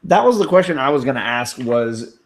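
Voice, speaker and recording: Relaxed male guest from California, casual chat, reads live comments. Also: medium pitch, fairly quick. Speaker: guest comic channel host.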